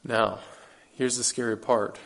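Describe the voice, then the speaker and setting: A male preacher delivers a sermon in an earnest, emphatic way. He keeps asking rhetorical questions and repeats his key phrases. His voice sits at an ordinary middle pitch for a man. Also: fairly even intonation, unhurried, creaky, a bit bright.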